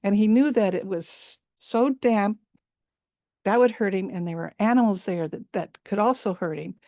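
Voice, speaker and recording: A woman's voice: mid-range voice, moderate pace, mellow, no room sound, clean studio sound. Woman telling a folk tale. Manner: repeats words for emphasis, sensory detail. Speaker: storyteller. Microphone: video call.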